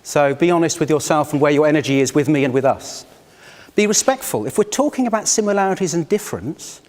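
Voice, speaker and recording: A man's voice: fairly high pitch, animated, fast talker, darkish tone. Man facilitating in a reverberant hall. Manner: reflective, inviting, personal storytelling. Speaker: workshop facilitator. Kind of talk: live workshop talk to a group. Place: conference room.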